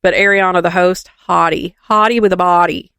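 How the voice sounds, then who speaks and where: On the podcast, this co-host speaks fairly quickly in a lowish, clear, resonant voice. She breathlessly dishes on a reality show in relaxed conversation, acting out every quote, and the recording is dry.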